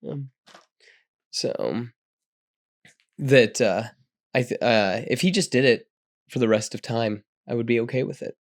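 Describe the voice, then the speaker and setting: A man co-hosting a podcast, chatting casually and enthusiastically about a film, quick to agree and to chime in. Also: mid-range voice. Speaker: podcast co-host.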